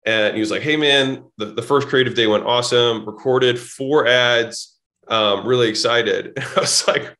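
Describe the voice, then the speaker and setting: A man's voice: medium pitch, fairly even intonation, moderate pace, bright, forceful tone. A man guest on a podcast telling blunt, casual stories, swearing freely and acting out both sides of conversations. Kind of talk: casual storytelling.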